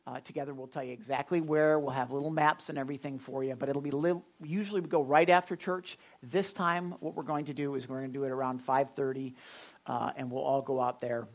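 A man's voice: medium pitch, fairly even intonation, fairly quick, muffled recording. A man leading a church service as pastor, giving announcements in a chatty, rambling way with many fillers and some self-deprecating jokes. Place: church sanctuary during a service.

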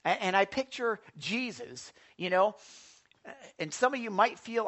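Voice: medium pitch, normal speed. A pastor preaching a sermon in a church, often asking the congregation questions and answering them. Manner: animated, asks the congregation questions.

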